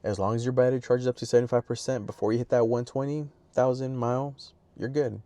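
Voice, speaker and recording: Offhand man vlogging outdoors, mellow voice. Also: mid-range voice, steady tone, fast, dry recording. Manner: plain-spoken, offhand asides. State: sniffly from allergies. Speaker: vlogger reviewing his car. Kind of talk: casual talk to camera.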